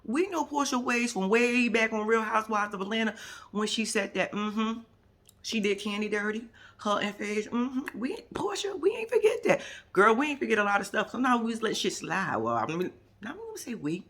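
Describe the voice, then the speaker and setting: A woman's voice: mid-range voice, animated, brisk, fairly bright tone. A woman giving a casual, sassy spoken recap of a reality TV episode as a vlogger. She acts out what other people said and drops into whispered asides.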